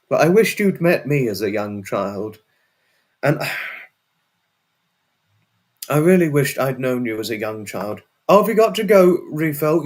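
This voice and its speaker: A man hosting a casual livestream and chatting with viewers. He rambles and repeats himself, and now and then breaks into a sweary outburst. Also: medium pitch. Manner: rambling and repetitive, often restarts and repeats phrases. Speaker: livestream host. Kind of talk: casual livestream chat, answering viewers' messages.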